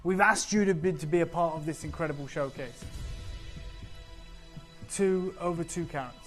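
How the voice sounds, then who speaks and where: A man's voice: a little high, normal speed, fairly bright tone, faint music behind. A man presenting on a live TV shopping channel, talking up gems with urgent, persuasive energy in a studio. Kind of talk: live TV sales pitch.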